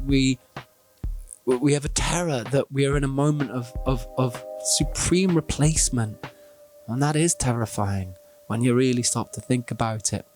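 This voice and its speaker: A man, a musician, talks through his reaction to an ad in reflective commentary and slips into animated storytelling with voiced characters. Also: mid-range voice.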